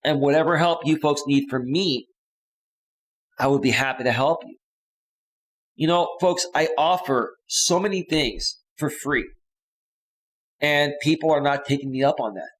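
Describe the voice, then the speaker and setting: A man's voice: a little high, unhurried, pauses often, poor audio. A man hosting a live coaching stream, chatting casually with viewers and reading their comments, sighing now and then. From San Francisco Bay Area. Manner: chatty, talks straight to viewers, drops to soft sighs.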